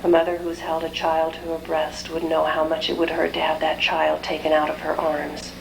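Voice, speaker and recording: A middle-aged woman speaks to a gathered audience in a rather low voice, telling a personal story. She tells it in a lively way and slips into the voices of the people she quotes. A faint hiss of noise sits under this old recording of a talk. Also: moderate pace, creaky, low-quality recording. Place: lecture hall.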